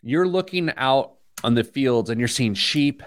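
A man hosting a talk show, telling a story with lively energy and playful asides. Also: mid-range voice, measured pace, hardly any pauses. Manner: animated storytelling, mimics voices with laughter. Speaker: podcast host. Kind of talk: casual chat.

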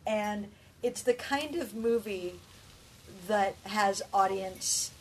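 A woman chatting casually about a film, telling it with animated energy and acting out lines, sounding exhausted. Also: mid-range voice, slow, a little hiss or hum. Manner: animated storyteller, acts out dialogue.

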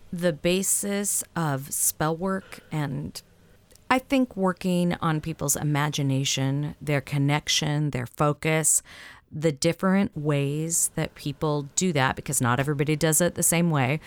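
A woman with a Southern US accent co-hosting a podcast, chatting in an animated way, laughing often and trailing off mid-sentence. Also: sits low, unhurried, clean tone. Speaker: podcast co-host. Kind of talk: casual chat about witchcraft practice.

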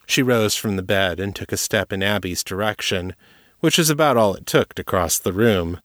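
Low-voiced man narrating a fantasy story. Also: dry recording, clean studio sound. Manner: steady, measured reading. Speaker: audiobook narrator.

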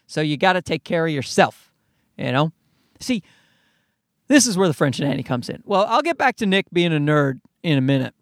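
A man's voice: sits high, a bit bright, dry recording, clean studio sound. A man in his thirties hosting a podcast, delivering a rambling comedic monologue full of swearing and asides. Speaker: podcast host.

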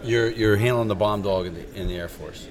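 A man interviewing a guest, who asks short questions and gives easy, relaxed affirmations. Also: on the low side, a little fast. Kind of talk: casual interview.

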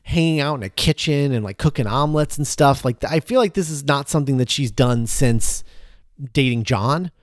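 A man's voice: medium pitch, normal speed, no room sound, clean studio sound. A man talking casually through a film scene, rambling with many fillers and restarts. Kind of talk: casual movie commentary chat.

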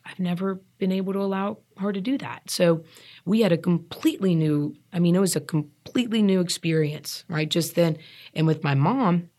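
Woman in her thirties, low voice, earnest and emphatic, candid personal storytelling, interview guest. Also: moderate pace, mellow. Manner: earnest, emphatic, repeats herself when stressing a point. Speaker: guest sharing recovery story.

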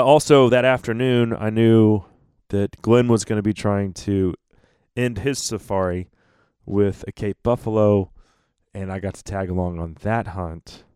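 Low-voiced male hunting storyteller. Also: clear, resonant tone, dry recording, clean studio sound. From North America. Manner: animated storyteller, acts out quotes, laughs often. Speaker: podcast host.

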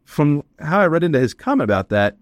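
A man's voice: fairly high pitch, sing-song, fast, no echo. A man co-hosting a podcast, reflecting on and summing up what he heard. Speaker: podcast co-host. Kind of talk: casual podcast chat.

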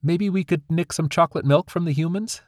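A man voicing an earnest, playful young sprite girl in a girlish falsetto. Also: fairly quick, no echo, clean studio sound, lightly acted. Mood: eager.

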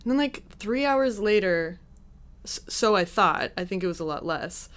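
A young woman casually telling a personal story, chatty and quick to laugh at her own mishaps. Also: medium pitch, expressive, fairly bright tone, clear, resonant tone.

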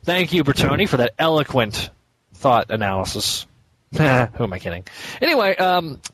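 A man's voice: mid-range voice, big pitch swings, normal speed, fairly bright tone, husky. A man co-hosting a podcast, talking eagerly about a comic issue with many restarts and easy laughter. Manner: enthusiastic, stumbling restarts, laughs easily. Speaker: podcast co-host. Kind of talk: casual comic book review chat.

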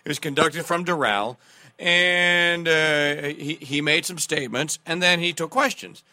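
Bright-voiced animated talk radio host. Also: male voice, fairly high pitch, measured pace, no echo. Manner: animated, sarcastic, laughing at the news.

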